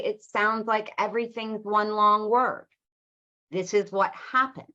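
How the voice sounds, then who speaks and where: Slow, emphatic woman teacher trainer. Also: on the high side, fairly bright tone, muffled recording. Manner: explanatory, emphatic, illustrates with spoken examples. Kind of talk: workshop presentation.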